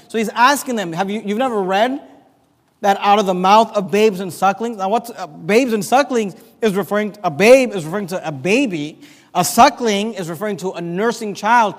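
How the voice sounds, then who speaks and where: A preacher giving an expository Bible sermon, reading scripture aloud and explaining it verse by verse. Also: male voice, sits high, normal speed. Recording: long hall reverb.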